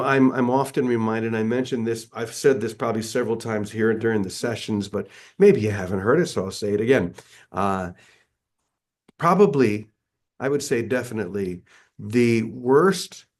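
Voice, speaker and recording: A man's voice: mid-range voice, darkish tone. A middle-aged man leading an online spiritual session in a casual, earnest way, often restarting his words. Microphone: video call.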